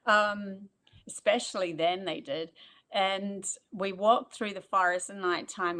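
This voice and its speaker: A woman, a guest telling a spiritual story in conversation and acting out quoted remarks with big jumps in pitch. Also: a bit bright.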